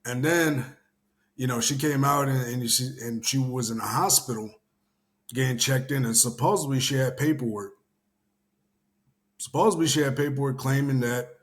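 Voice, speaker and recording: Rambling, profane man from Houston. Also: mid-range voice. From Houston area. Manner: rambling, swears casually, many fillers. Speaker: show host. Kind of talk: casual commentary chat.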